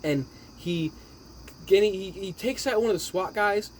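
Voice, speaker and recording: A man with a slightly higher voice than most, recapping a film in a rambling, exasperated rant. He swears constantly and piles up restarts as he goes. A faint hum of noise sits under him. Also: unhurried. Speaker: movie reviewer. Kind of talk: profane movie recap rant.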